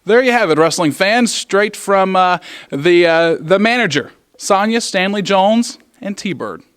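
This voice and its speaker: A man's voice: high-pitched, animated, measured pace, a bit bright, clean tone. A man hosting backstage wrestling interviews, announcer-style, repeatedly calling out to wrestling fans.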